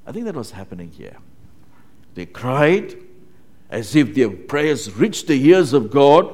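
A man's voice: deep voice, lively intonation, measured pace, pauses often, a little mellow, slight background noise. A man preaching a sermon in a conversational way, often checking in with his listeners. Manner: conversational, with frequent tag questions.

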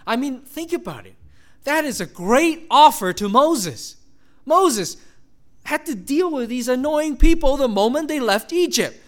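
A man's voice: high voice, lively intonation, measured pace. A man preaching a sermon, reading scripture aloud and acting out the quoted voices with animation. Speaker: pastor.

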